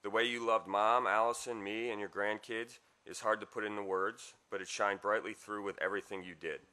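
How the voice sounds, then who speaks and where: A man's voice: lowish voice, little pitch movement, fairly quick, pushed and bright. A man giving a heartfelt eulogy for his father at a memorial service, with wry asides.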